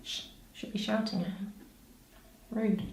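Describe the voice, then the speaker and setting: A woman's voice: medium pitch, steady tone, a little slow, creaky, darkish tone, a little hiss or hum. A woman, a vocal coach, chatting casually and exclaiming as she reacts, with frequent laughs. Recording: echoey room.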